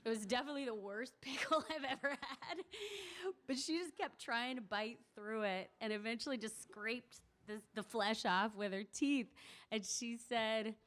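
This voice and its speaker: Young woman storyteller, slightly higher voice, live community story night, laughs and does voices. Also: normal speed. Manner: warm, laughing, acts out voices in quotes. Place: community event stage.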